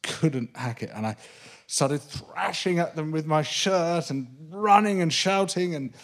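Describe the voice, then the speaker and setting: A man, a guest on a live interview show on a theatre stage, telling an animated anecdote with many restarts and laughs. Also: a little high, measured pace. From Britain. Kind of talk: live comedy-podcast interview, storytelling.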